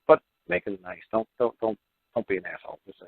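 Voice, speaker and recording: Brief: rapid, profane middle-aged radio talker, thin phone-quality line. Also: male voice, lowish voice, no echo. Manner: profane, blunt, animated storytelling. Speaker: radio show guest. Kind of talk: rambling radio talk. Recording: dry, phone-like radio audio.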